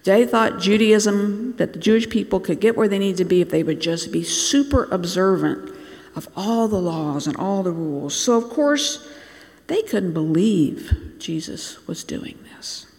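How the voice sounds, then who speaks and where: A preacher who grew up in Bangladesh, telling a sermon as a story, slowing down and dropping to near-whispers to make a point. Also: mid-range voice, a little mellow. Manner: storytelling, slows and drops to near-whispers for emphasis. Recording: long reverb in a large hall.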